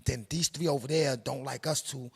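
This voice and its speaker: A middle-aged man from Harlem with a New York accent talks in a gravelly, husky voice. He lectures in an interview with streetwise slang and emphatic, preachy conviction. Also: medium pitch, fairly even intonation, moderate pace. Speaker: production company head. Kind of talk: interview, casual monologue.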